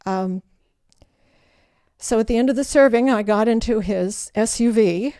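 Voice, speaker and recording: An older woman, the guest in an interview, telling her life story in an animated way and acting out the voices of people in it. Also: fairly high pitch, a little slow, clear, resonant tone, no room sound, studio quality. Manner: animated storyteller who acts out quoted voices.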